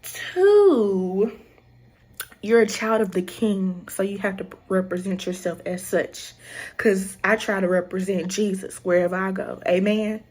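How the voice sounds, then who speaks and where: A young woman with a Southern American accent talks casually to her viewers. She tells stories in an animated way and acts out the greetings she traded with people. Her voice sits at a middle pitch. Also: measured pace. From Southern United States. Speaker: vlogger. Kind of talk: casual chat.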